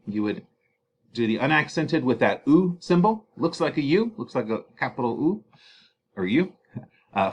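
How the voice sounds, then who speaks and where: A man, an English teacher, giving a casual recorded slideshow lesson with joking asides and many fillers. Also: on the low side.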